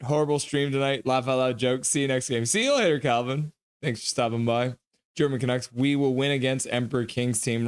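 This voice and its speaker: A man hosting a casual live stream, talking steadily at an everyday middle pitch. He reads viewer comments aloud and tosses back teasing remarks, thanking people by name in a loose, chatty way. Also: smooth. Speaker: livestream host.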